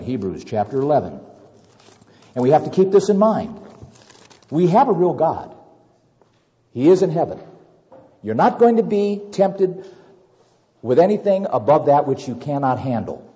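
Male pastor, sermon delivery, mellow tone, very lively pitch, dull lo-fi hall recording with long reverb. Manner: animated, acts out worried scenarios with repetitions.

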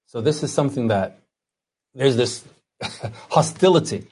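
A man preaching a sermon to his congregation, reading scripture aloud slowly and earnestly. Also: mid-range voice, lively intonation, a little mellow, breathy edge. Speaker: pastor.

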